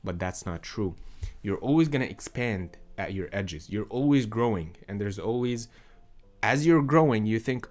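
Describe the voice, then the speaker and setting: Young male voice coach, lowish voice, calm measured teaching delivery. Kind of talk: instructional explainer.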